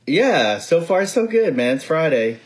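A man in his thirties co-hosting a podcast, telling family stories in a lively, casual chat. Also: on the high side, measured pace, poor audio. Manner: chatty, animated storyteller. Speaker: podcast co-host.

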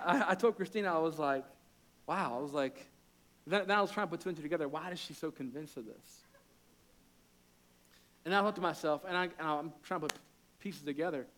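High-voiced man preaching a sermon. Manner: animated preaching, builds to loud impassioned peaks. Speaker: pastor.

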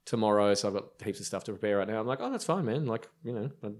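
A brewer with an Australian accent, guesting on a podcast, tells meandering, filler-laden stories in casual talk with plenty of ums and restarts. His lowish voice is expressive and a little mellow, and the words come rapid-fire.

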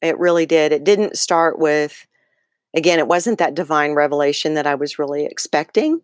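A woman guest in an interview, retelling a personal story in an animated way, with many fillers and restarts. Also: deep voice, moderate pace, clean tone, dry recording, studio quality. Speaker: guest author.

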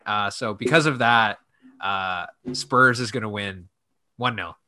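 A man's voice: on the low side, unhurried, pushed and bright. A man co-hosting a casual soccer podcast, telling stories and teasing the others. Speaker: podcast co-host.

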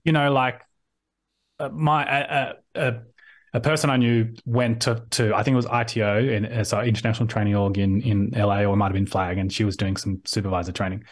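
A man's voice: lowish voice, steady tone, fairly quick. Australian man as interview guest over video call; chatty, restarts often, acts out quotes. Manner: rambling with frequent restarts, acts out quoted voices. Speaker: podcast guest. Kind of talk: casual conversational interview.

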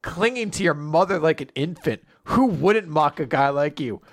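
A man's voice: fairly high pitch, lively intonation, moderate pace. A man voicing a blunt, scornful young male mage who mocks his rival while recapping a comic.

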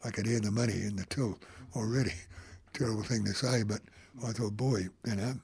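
A man's voice: on the low side, fairly even intonation, brisk, creaky, a little mellow, slightly rough. An older man, telling a rambling anecdote in an interview and acting out the voices of people he quotes. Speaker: photographer. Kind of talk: anecdotal storytelling.

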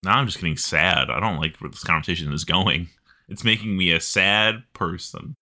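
Podcast co-host, male, very bright tone, jokey and quick with asides. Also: low voice. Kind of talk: casual chat.

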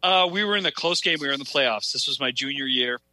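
A young adult man co-hosting a podcast, telling stories in an animated, profane, laughing way. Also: medium pitch, fast, no room sound, poor audio. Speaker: podcast co-host. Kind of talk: casual storytelling chat.

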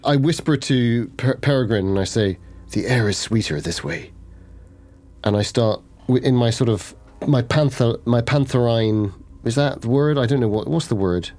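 A man's voice: medium pitch, normal speed, hardly any pauses, mellow. Playful, rambling male player. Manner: playful, rambling, self-correcting. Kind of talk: casual tabletop play.

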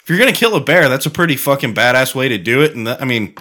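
A man's voice: medium pitch, expressive, rapid-fire, pushed and bright. A man co-hosting a podcast, telling rambling, profane stories in casual chat. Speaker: podcast co-host.

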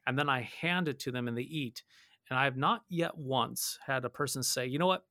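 A pastor talks through his point in an earnest, conversational way, circling back and repeating words as he thinks. His voice sits at an ordinary pitch for a man. The sound is dry and close, with no room around it. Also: normal speed, sharp tone, dry recording. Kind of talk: conversational podcast discussion.

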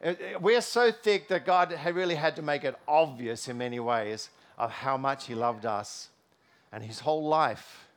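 A man's voice: medium pitch, normal speed. A middle-aged man preaching a sermon in a church, telling personal stories with many fillers and restarts. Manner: storytelling, with frequent fillers and restarts.

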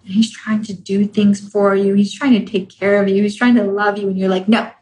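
A woman's voice: mid-range voice, flat delivery, brisk, warm tone, a little hiss or hum, poor audio. Woman coaching in a chatty, direct way. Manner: conversational, often checks in with "right?" and "okay?"; acts out inner voices in quoted asides. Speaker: relationship coach and podcast host. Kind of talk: casual coaching monologue.

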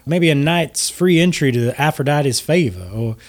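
A man's voice: on the high side, normal speed, pitched above the performer's own voice, lightly acted. A man voicing an effusive, courtly male noble who heaps flowery praise on his guests during a tabletop game. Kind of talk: tabletop role-play character voice.

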